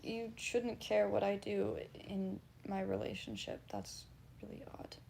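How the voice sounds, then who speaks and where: A woman's voice: medium pitch, flat delivery, measured pace, vocal fry, a little mellow, slight background noise. A woman livestreamer casually reading and answering chat, blunt and laughing, swearing freely.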